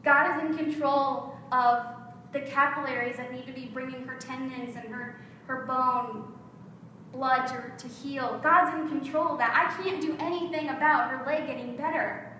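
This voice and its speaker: A woman pastor preaching a sermon in a lively storytelling manner, recorded in an echoey church hall. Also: sits high, moderate pace, far from the mic, a little hiss or hum. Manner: lively storytelling, acts out quotes.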